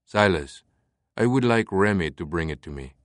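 Audiobook villain: a male narrator doing a quiet, deliberate French-accented mastermind. Deep, dry read. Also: lively intonation, no echo. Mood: hushed, commanding. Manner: hushed, low and deliberate, sometimes whispering. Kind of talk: audiobook character voice.

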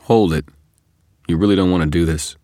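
Audiobook: knowing male double, wry and coaxing, very deep, dry, as a man reads him. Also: a little fast, dark tone, dry recording, lightly acted. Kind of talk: audiobook character reading.

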